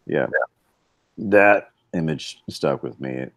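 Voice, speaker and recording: Very deep-voiced halting man. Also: fairly bright tone, no room sound. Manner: halting, many restarts. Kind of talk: casual chat.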